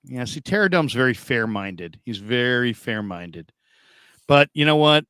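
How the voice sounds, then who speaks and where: A middle-aged man hosting a sports talk show, telling stories in an animated, casual way with frequent stammering restarts. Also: medium pitch, a little slow, smooth, no echo, clean studio sound.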